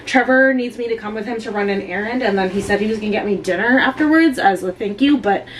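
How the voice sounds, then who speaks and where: A woman's voice: medium pitch, quick pace, slight background noise. A young woman telling a story in a casual vlog, chatty, with many filler words. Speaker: vlogger.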